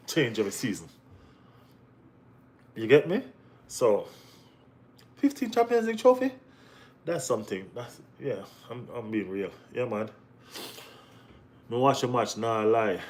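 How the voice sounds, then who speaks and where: Young guy hosting a football live chat, easygoing, keeps asking you know what i mean, voice jumps up when he gets hyped. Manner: repeats "you know what I mean", bursts into high excited exclamations. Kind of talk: casual live-stream chat.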